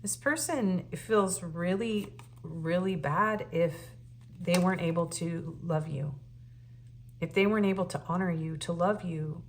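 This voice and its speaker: A woman giving a casual, earnest and emotional tarot reading, often pausing on fillers and restarting her sentences. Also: on the low side, slight background noise. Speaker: tarot reader.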